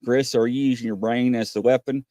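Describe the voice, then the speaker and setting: A man hosting a casual podcast, telling stories with lots of pauses and acting out what people said. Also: mid-range voice, fairly even intonation, mellow, dry recording. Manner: rambling storyteller, many "uh" pauses, acts out quotes. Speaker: podcast host. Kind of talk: casual chat.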